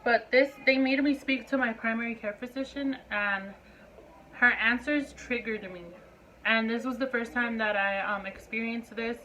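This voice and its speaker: A woman's voice: a little high, steady tone, moderate pace, sharp tone, slight background noise, low-quality recording. A woman in her twenties speaking to her viewers in a personal vlog, impassioned and emphatic, repeating points for stress. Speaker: vlogger.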